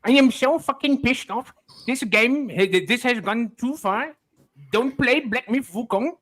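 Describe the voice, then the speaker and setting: A whiny, high-pitched online ranter, as a man puts him on in a chat show, spitting out overdone fury. The voice sits high, and each complaint comes out indignant and theatrical. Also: a little slow, a bit bright, full character voice. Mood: furious. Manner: indignant ranting, overdone outrage. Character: whiny, furious male online commentator.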